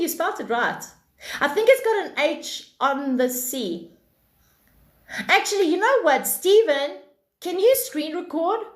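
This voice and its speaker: A woman with a bright, high-pitched voice hosts a live stream, chatting about spiritual ideas. She is blunt and animated and swears freely. The room around her has a clear echo. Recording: echoey room.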